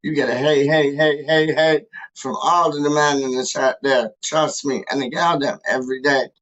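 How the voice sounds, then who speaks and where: A man's voice: mid-range voice, brisk, bright, forceful tone, highs cut off. A man hosting a casual fan livestream, rambling hype talk packed with street slang. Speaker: fan channel host.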